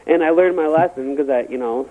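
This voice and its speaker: A man rambles through a crude anecdote, stammering and restarting as he goes. His voice sits a little high and comes through a thin, phone-like line. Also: a little fast. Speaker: guest. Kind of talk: casual storytelling chat.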